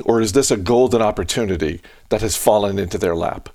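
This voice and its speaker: Low gravelly male podcast host. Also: a little fast, dark tone, dry recording, studio quality. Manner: musing, hesitant, full of restarts. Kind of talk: casual podcast chat.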